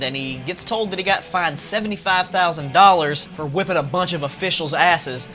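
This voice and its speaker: A man hosting a casual wrestling recap, profane and animated, laughing often and mimicking wrestlers in quick bursts. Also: fairly high pitch. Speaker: wrestling review host.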